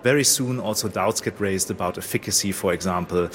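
A man with a lowish voice explains history in a measured, academic way. He speaks outdoors at a historic site, and faint ambience hums behind him. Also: fairly bright tone, slight background noise.

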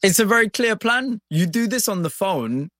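A man's voice: high voice, lively intonation, moderate pace, a bit bright, no echo, studio quality. A man interviewing a guest, asking probing, reflective questions. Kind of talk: conversational interview.

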